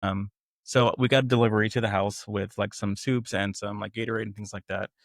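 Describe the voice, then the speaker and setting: A man's voice: lowish voice, level tone, fairly quick, dry recording, clean studio sound. A young man candidly recounting a painful personal story as a guest, conversational and quoting others as he goes. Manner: conversational, quotes others in acted voices.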